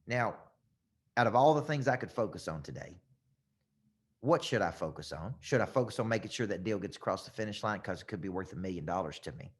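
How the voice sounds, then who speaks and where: A man's voice: on the low side, expressive, fairly quick. A man, a business coach teaching a live webinar over a computer mic, getting worked up and repeating phrases for emphasis.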